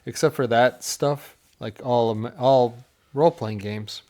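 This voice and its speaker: A man's voice: mid-range voice, a little mellow. A middle-aged man co-hosting a casual tabletop gaming chat with his son, rambling and joking as he talks. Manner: jokey, rambling, quick asides. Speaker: podcast co-host, father.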